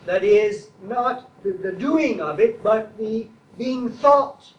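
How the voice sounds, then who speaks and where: A man delivers a sermon in a high, unhurried voice, weighing each phrase and building to emphatic repetitions. He is picked up from some distance in an echoey church with faint ambient noise behind him. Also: lively intonation, muffled recording. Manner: slow, deliberate preaching that builds to emphatic repetition. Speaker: traditionalist Catholic preacher.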